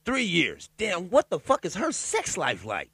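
A man talking alone in a loud, profane, joking commentary, riffing on a news story and reading parts of it aloud haltingly. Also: high voice, husky, no echo. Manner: loud, profane, animated riffing with laughs and asides. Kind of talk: casual profane commentary monologue.

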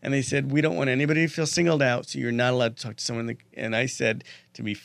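A man's voice: mid-range voice, racing, creaky, no echo. A man, a stand-up comedian, telling stories in a casual radio interview and acting out the people he quotes. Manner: animated storyteller, acts out quotes.

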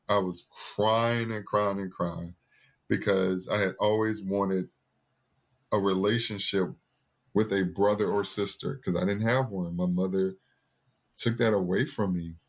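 Male podcast guest, thirties, low voice, earnest storyteller who acts out the people he quotes. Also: fairly even intonation, unhurried. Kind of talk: personal storytelling in an interview.

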